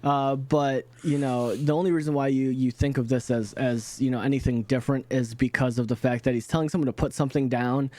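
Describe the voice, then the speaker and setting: A man's voice: mid-range voice, steady tone, brisk, few pauses, dark tone, dry recording. A man narrating a tabletop game as game master, rambling with many fillers and restarts.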